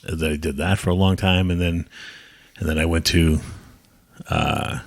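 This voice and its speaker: A low-pitched man from New England recounts his old wrestling days as a podcast guest. He rambles through blunt, profane anecdotes, jumping into other people's lines as he goes. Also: fairly even intonation, unhurried. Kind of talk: casual storytelling interview.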